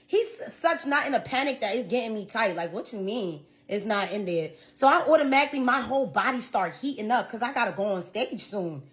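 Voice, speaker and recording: A woman's voice: a little high, lively intonation, brisk, hardly any pauses. A young woman singer telling a story in a casual vlog, venting in a blunt, profane, slangy way.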